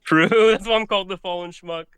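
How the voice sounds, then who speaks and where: A man's voice: high voice, fairly even intonation, fairly quick, a bit bright, clear, resonant tone, no echo. A man in his twenties calling into a chat show, laughing and self-deprecating as he talks. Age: 20s. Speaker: caller. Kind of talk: casual call-in chat.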